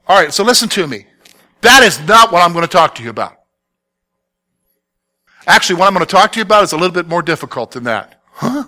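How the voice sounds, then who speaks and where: A man's voice: high-pitched, bright, forceful tone. A male pastor preaching a conversational sermon, often stumbling over repeated words and checking that listeners follow him.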